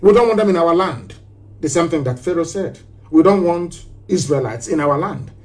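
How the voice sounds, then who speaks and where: A man from southeastern Nigeria, speaking, addresses listeners in a live broadcast. His voice sits high, and he preaches passionately, pressing his points through repeated phrases and pointed rhetorical questions. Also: expressive, normal speed. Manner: impassioned and preachy, hammering rhetorical questions and repetitions. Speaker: political activist broadcaster.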